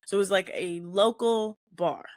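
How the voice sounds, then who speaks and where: Animated woman host telling a story. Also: mid-range voice, moderate pace. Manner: animated, acts out the quoted lines in the story. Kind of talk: casual storytelling chat.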